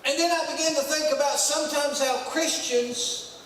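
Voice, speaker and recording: Male pastor, folksy, punchy, booming sanctuary echo, faint room hiss. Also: steady tone, normal speed. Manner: folksy, emphatic preaching with rising shouts. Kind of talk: sermon. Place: church sanctuary. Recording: echoey church hall from far off.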